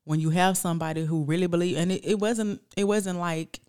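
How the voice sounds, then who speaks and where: A woman's voice: lowish voice, brisk, smooth. A woman in her thirties co-hosting a podcast, chatting casually and acting out quotes as she tells stories. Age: 30s. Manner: animated storyteller, acts out quotes. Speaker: podcast co-host. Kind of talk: casual chat.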